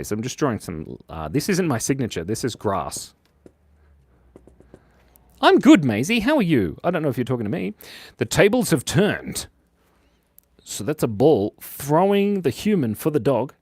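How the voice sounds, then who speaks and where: This man hosts a live drawing stream, speaking in a mid-range voice with no room sound. He's playful and silly, reading viewers' comments aloud as he draws.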